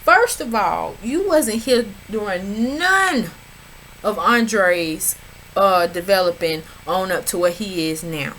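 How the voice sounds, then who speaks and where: A woman's voice: medium pitch, lively intonation, takes it slowly, fairly bright tone, a little hiss or hum, rough recording. A woman recapping a reality show in casual, sassy commentary, talking back at the screen and chatting to her viewers. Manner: chatty, addresses viewers as y'all. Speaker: reality TV reviewer.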